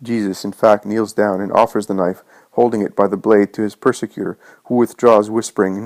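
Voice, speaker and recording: A man narrating a religious story from a script in a measured, earnest way. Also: on the low side, steady tone, darkish tone, no room sound.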